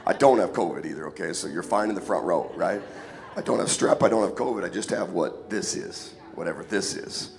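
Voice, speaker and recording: A man preaching a casual, joking sermon in church, hoarse and sniffling from a cold, often calling for an amen. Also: low voice, fairly quick, a faint crowd. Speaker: guest preacher. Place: church sanctuary. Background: music.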